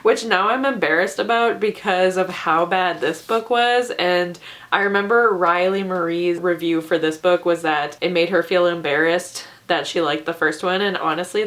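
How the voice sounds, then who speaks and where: A woman's voice: on the low side, normal speed, a bit bright. A woman reviewing books in a casual vlog, ranting in an exaggerated way and laughing often. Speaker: book reviewer.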